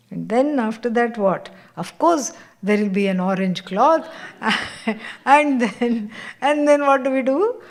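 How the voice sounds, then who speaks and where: A woman spiritual teacher giving a scripture class, unhurried and laughing often as she tells stories. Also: on the high side, animated.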